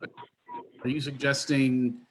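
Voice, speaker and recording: A man's voice: mid-range voice, level tone, a little slow, a crowd in the background. A man who co-founded the organization asking the guest a question on a video call, hesitant and earnest with many fillers.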